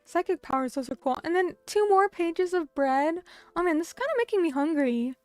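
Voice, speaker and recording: A young woman chats with her stream audience in a high, bubbly voice, reacting to comments with many fillers. She speaks fairly quickly with lively intonation, and the sound is dry and close without echo, soft music underneath.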